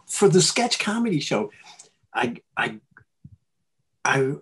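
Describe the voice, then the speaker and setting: Husky-voiced male actor telling stories. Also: lowish voice. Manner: animated and chuckling, with frequent restarts. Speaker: actor guest. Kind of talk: casual interview storytelling.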